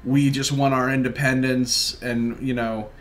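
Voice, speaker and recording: A man's voice: mid-range voice, level tone, measured pace. A man giving casual, joking let's play commentary while chatting with his viewers. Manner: chatty, joking, talks to chat. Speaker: gaming livestreamer.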